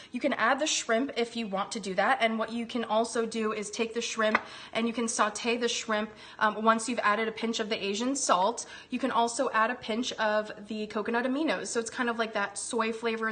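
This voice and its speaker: A woman's voice: fairly high pitch, steady tone, normal speed, a bit bright. A woman hosting a live cooking demonstration from her home kitchen, bubbly and chatty, gushing over the food and talking while she eats. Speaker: cooking show host.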